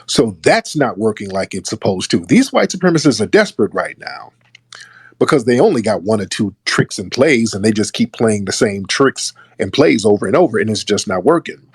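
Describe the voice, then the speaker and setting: A man with a low, husky voice delivers casual political commentary in an emphatic, scornful way. The sound is close and dry, with no room echo. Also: sing-song, moderate pace. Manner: emphatic, scornful, mimics others. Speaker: online commentator.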